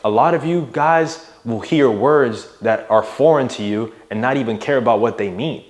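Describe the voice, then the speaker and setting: A young adult man coaching viewers in a motivational monologue, casual and emphatic, pushing his voice up and down to stress words and checking in with "right?". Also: normal speed. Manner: emphatic, varies loudness and pitch for emphasis, casual with "bro" and "right?". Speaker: mindset and fitness coach.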